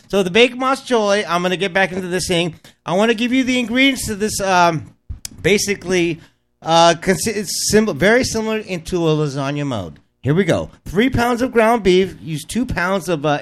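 High-voiced rambling cooking show host. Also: male voice, fairly bright tone. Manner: rambling and joking, with frequent restarts and asides. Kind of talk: casual cooking demonstration.

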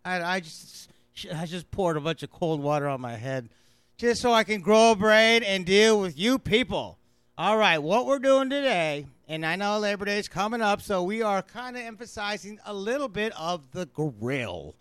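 Man, radio cooking host, high voice, clean dry studio sound, rambling, self-mocking. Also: animated, normal speed, a bit bright, clean tone, no echo. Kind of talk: fast casual radio chat.

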